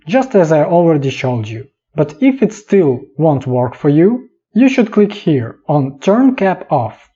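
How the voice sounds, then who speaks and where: A man calmly guides listeners through a software tutorial, slow and instructive, in short clipped steps. His voice is dark and slightly husky, with a lot of pitch movement, and the voice-over sounds dull and lo-fi.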